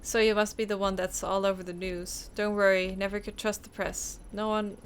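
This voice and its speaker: A woman's voice: mid-range voice, flat delivery, moderate pace, soft background music, natural voice. A woman voicing a friendly, chatty male detective with a put-on Texan drawl, reading game dialogue aloud. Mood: folksy.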